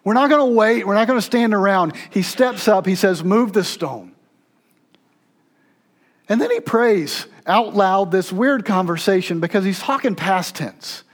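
A high-voiced man delivering a sermon from the pulpit. He moves between loud, urgent stretches and quiet, hushed passages, telling the story with dramatic force. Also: normal speed, few pauses. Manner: dramatic, swings between loud intensity and hushed near-whispers. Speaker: pastor.

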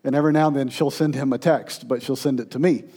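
A man, a pastor, telling stories in a sermon, turning from playful to hushed and tender. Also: medium pitch, fairly even intonation, fast.

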